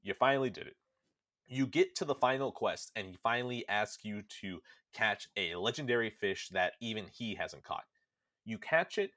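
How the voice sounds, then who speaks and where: A young man hosting a podcast in casual chat, animated and swearing freely as he acts out characters. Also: fairly low pitch. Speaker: podcast host. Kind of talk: casual chat recapping a game.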